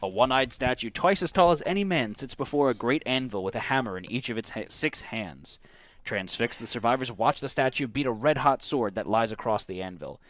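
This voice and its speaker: A man hosts a streamed board game night, his voice swinging up and down with lively energy. He reads rule cards aloud and ribs his co-player in easy chat. The sound is dry and close. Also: medium pitch, brisk, no room sound.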